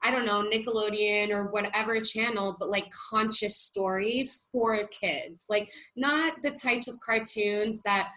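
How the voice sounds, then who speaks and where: A woman's voice: medium pitch, steady tone, measured pace, few pauses, bright, forceful tone, poor audio. Giggly woman podcast co-host. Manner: giggly, upbeat, says "like" often. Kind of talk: casual podcast chat.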